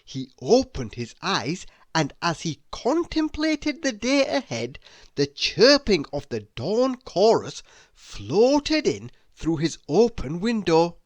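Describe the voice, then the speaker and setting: A man reading a children's picture book aloud in a slow, expressive storytelling voice. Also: high-pitched, no room sound. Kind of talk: children's read-aloud narration.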